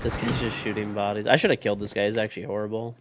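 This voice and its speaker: A man's voice: lowish voice, little pitch movement, racing, heavy background noise. A young man streaming a shooter game, chatting casually with viewers and teammates and swearing bluntly. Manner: swearing, blunt, reacting to gameplay and chat. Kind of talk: casual gaming stream chat. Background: gunfire from the game.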